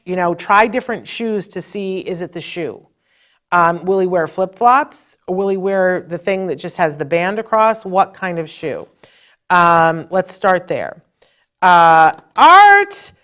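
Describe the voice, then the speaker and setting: A woman's voice: fairly low pitch, fairly bright tone. A middle-aged woman hosting a live parenting advice show, telling stories with animation and speaking straight to her viewers. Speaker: host.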